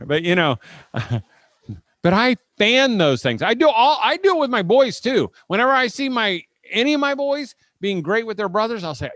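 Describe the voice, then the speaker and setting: Animated middle-aged man giving a seminar talk. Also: high voice, dry recording. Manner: animated storyteller, quick asides and restarts. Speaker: homeschool conference speaker. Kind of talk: live seminar talk with humor, closing in prayer. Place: live session before an audience.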